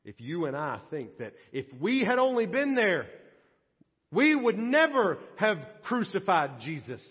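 A man preaching a sermon as pastor, dramatic, swinging between loud bursts and hushed low passages. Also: huge pitch swings, a little slow, slightly rough. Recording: dull lo-fi audio with long church reverb.

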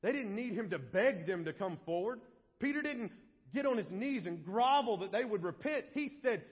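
A male pastor preaching a sermon with impassioned delivery that swings between hushed and loud. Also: high voice, expressive, moderate pace, breathy edge. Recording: long hall reverb, dull lo-fi sound.

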